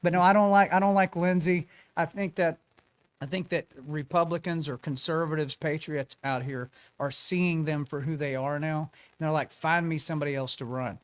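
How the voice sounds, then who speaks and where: A man's voice: on the high side, moderate pace, smooth. A man telling a story as a guest in a casual interview, acting out the quotes of the people in it. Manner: animated storyteller, acts out quotes.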